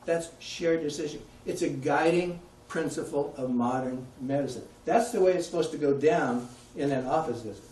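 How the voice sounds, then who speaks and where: A man's voice: fairly high pitch, moderate pace, few pauses, a little mellow, distant mic, slight background noise. A man giving a conversational public talk, putting questions to his audience. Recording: echoey room, heard from afar.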